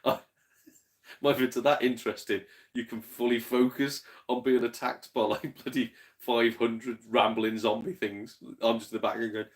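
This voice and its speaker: A slightly tipsy man streams live, reading his chat and telling stories at a moderate pace. His medium-pitched voice shows little pitch movement. He's casual and chatty, swearing freely and laughing often.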